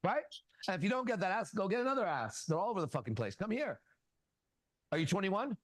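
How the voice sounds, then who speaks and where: A man hosting a casual talk show, coaching a younger man bluntly and profanely and telling animated stories with quoted dialogue. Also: high voice, fast talker, no room sound. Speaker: host. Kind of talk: casual advice talk and storytelling.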